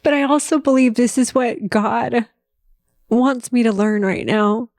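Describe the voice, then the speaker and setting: A woman's voice: medium pitch, a little mellow, no echo, studio quality. A woman hosting her own podcast, telling a personal story in a heartfelt, faith-focused way. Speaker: podcast host.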